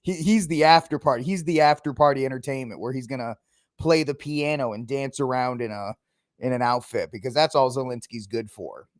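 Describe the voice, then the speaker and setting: A man hosting a casual political podcast, opinionated and mocking, sometimes acting out quick impressions of politicians. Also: medium pitch, dry recording, studio quality. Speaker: podcast host.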